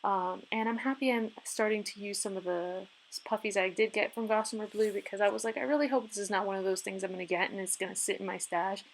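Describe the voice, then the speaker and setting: A woman giving a casual, chatty voice-over for her crafting video, upbeat and quick to laugh. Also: mid-range voice, steady tone, creaky, a little hiss or hum. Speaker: craft vlogger.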